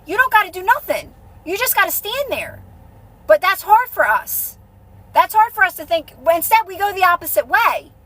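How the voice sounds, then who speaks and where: High-pitched woman rambling on a phone live, lots of restarts, chatty coaching vibe. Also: very animated, normal speed, fairly bright tone, no echo, poor audio. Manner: rambling, restarts often, colloquial. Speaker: manifestation coach, live streamer. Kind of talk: casual live-stream talk.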